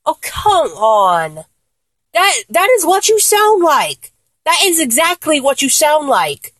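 A woman's voice: high-pitched, big pitch swings, slow, a bit bright, no echo, heavily acted. A woman playing a flustered, blunt young woman. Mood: exasperated. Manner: exasperated, swears a lot, stammers. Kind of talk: one-sided audio role-play.

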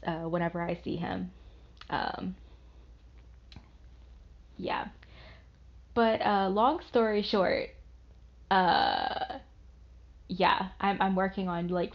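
A young woman from the American South talking in a casual, rambling monologue, swearing often and poking fun at herself. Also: fairly low pitch. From Southern United States. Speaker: vlogger. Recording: dull lo-fi recording.

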